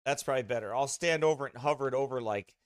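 A man's voice: medium pitch, racing, no room sound. A man who pastors, chatting casually with his streaming congregation in a rambling way, full of restarts, speaking close to a desk mic beside his streaming computer.

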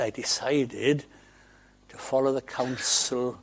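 A man from Wales preaching a sermon in a conversational way, moving between loud emphasis and quiet asides. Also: mid-range voice, expressive, unhurried, long pauses.

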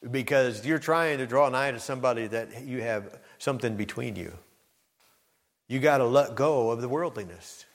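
A man's voice: mid-range voice, normal speed. A male preacher giving a sermon, addressing the congregation directly with emphatic, building intensity. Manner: preaching with surging intensity, rising to near-shouted emphasis. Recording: long hall reverb.

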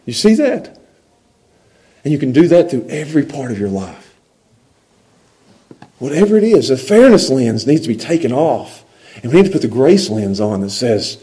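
A male pastor preaching a sermon, animated and conversational, often checking in with his listeners. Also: mid-range voice, normal speed, long pauses, low-quality recording.

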